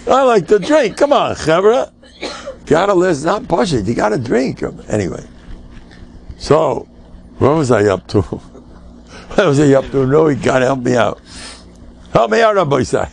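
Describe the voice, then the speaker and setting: A man's voice: on the high side, big pitch swings, moderate pace, gravelly, long pauses. An older man, a rabbi giving an informal Torah class, emphatic and joking, mixing in Yiddish and Hebrew words. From United States.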